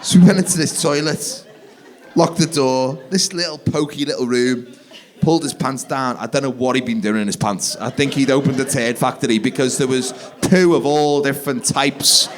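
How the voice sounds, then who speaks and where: A man telling a stand-up comedy story on a live theatre stage, animated and acting out the people in it. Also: medium pitch. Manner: animated, acts out kids and wife in quick voices.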